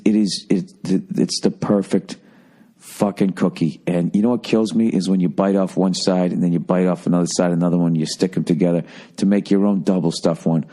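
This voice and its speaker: A middle-aged man hosting a podcast, telling a rambling, profanity-heavy story and mimicking people as he goes. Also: fairly low pitch. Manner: animated, swearing, mimics people. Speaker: comedian podcast host.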